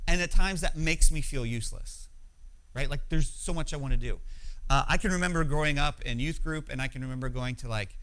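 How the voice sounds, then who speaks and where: Bright-voiced man preaching conversationally. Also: on the high side, a little fast, rough recording. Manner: conversational, emphatic, frequent "right?" asides. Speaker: pastor. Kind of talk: sermon.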